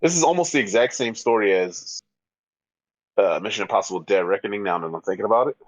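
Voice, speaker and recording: A man co-hosting a casual podcast, thinking out loud and hedging his guesses. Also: lowish voice, animated, quick pace, dry recording, rough recording. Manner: thinks aloud, hesitant guesses. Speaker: podcast co-host. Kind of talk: casual chat.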